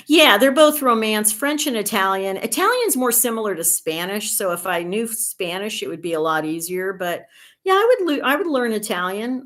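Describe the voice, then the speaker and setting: Her voice sits at a medium pitch with a fairly bright tone. She's a sixty-something woman from the United States running a laid-back livestream, wandering from topic to topic with dry wit while responding to comments from viewers.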